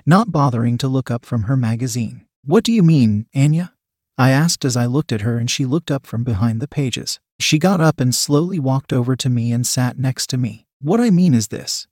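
A man's voice: medium pitch, darkish tone, slightly rough, no echo, clean studio sound. Man reading a first-person adult story. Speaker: narrator.

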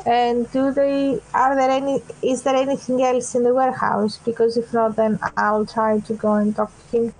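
A woman's voice: a little high, little pitch movement, moderate pace, few pauses, darkish tone, a little hiss or hum, low-quality recording. A woman as a player in a tabletop role-playing game, talking casually and hesitantly. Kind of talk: tabletop role-play chat.

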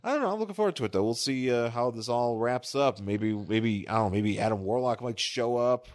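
A man's voice: mid-range voice, fairly quick. A man co-hosting a podcast in casual chat, rambling and joking, often laughing at his own riffs. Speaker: podcast co-host.

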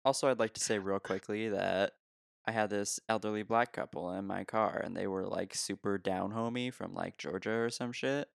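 Low gravelly young man, joking podcast host. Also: steady tone, normal speed, dry recording, clean studio sound. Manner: joking, swears, laughs often. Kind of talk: casual movie podcast banter.

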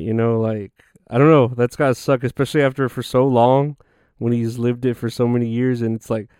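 A man's voice: mid-range voice, little pitch movement, brisk, warm tone, clean tone, no room sound, clean studio sound. A man hosting a podcast in a casual, rambling, profane monologue full of filler words. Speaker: podcast host.

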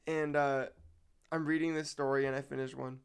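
A man co-hosts a podcast in casual chat, his voice carrying some vocal fry. He is a teacher and tells stories in an animated way, laughing along. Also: medium pitch, normal speed. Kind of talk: casual storytelling.

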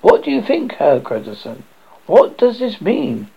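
Brief: man voicing a rattled, blustering lawyer in a ghost story, pushed high, gravelly grain. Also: wildly swooping pitch, unhurried, full character voice. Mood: agitated. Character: agitated, blustering male lawyer. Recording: dull lo-fi recording.

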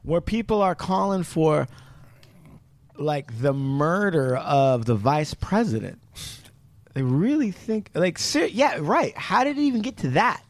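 A man hosting a casual podcast talks in a loose, rambling way and swears freely, with lots of "like" and "you know". His voice sits a bit high for a man. It is recorded close and dry, with no room sound. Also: animated, unhurried, no echo. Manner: rambling, profane explainer full of "like". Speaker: podcast host. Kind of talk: casual chat.

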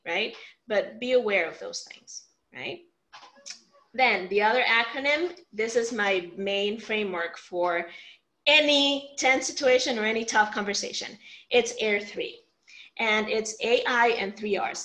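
A woman's voice: medium pitch, poor audio. A woman teaching a workshop on family communication, acting out example lines and checking in with "right?" often. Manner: animated, acts out example lines, frequent "right?" check-ins. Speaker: communication coach.

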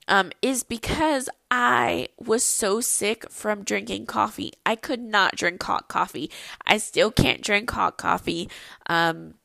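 Chatty woman with a gravelly voice. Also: medium pitch, pushed and bright, dry recording. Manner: chatty, rambling with many ums. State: pregnant. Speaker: podcast host. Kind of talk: casual solo podcast chat.

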